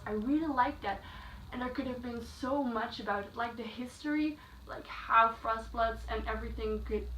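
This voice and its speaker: A woman giving a chatty, casual spoken book review, full of "like" fillers and animated asides. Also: a little high. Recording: echoey room, slightly distant mic, faint noise.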